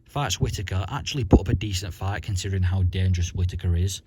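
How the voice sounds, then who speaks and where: A man's voice: deep voice, fast, very noisy. A man ranting about the sport in a blunt, profane, rambling vlog. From Britain. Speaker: vlogger.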